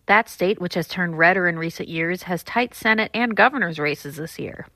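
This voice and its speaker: Low-voiced woman filing a news report. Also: moderate pace, pushed and bright, no room sound, rough recording. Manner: crisp, composed reporting. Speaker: political correspondent.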